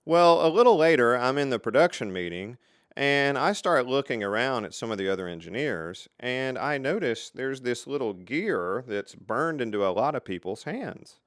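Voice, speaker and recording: A middle-aged man hosting his own channel, telling stories from his engineering career in a casual, lively way. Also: mid-range voice, no echo, clean studio sound. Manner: lively, animated storyteller with dramatic pauses. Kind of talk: casual storytelling to camera.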